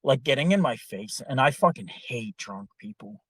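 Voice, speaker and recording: A man's voice: medium pitch, expressive, normal speed, fairly bright tone, slightly rough, no echo. A man hosting a podcast, telling a long story in a casual, profane, exasperated way. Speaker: podcast host.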